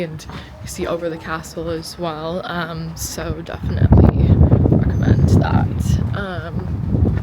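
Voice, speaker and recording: A woman vlogs her day out on a handheld mic, chatting loosely with lots of "um"s. Her voice sits fairly low. Heavy wind and outdoor noise roar under everything she says. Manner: chatty, with frequent "um" fillers. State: out of breath from running. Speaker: travel vlogger. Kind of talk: casual travel vlog with voice-over narration. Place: outdoors at a castle and clifftop trails.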